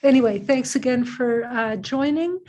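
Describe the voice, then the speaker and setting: A hoarse middle-aged woman giving a scientific seminar talk over a video call, measured and pausing often with fillers. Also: sits high, a little mellow, dull audio. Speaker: invited seminar speaker, climate scientist.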